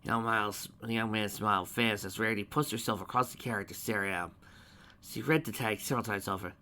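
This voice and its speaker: A man reading a fan-written story aloud, halting at times and restarting words. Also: fairly low pitch, pushed and bright. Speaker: reader. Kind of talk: amateur fan fiction reading.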